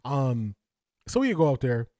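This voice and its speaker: A male livestream host giving casual, slangy sports commentary to his chat, animated and often laughing. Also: mid-range voice, moderate pace, no room sound, clean studio sound.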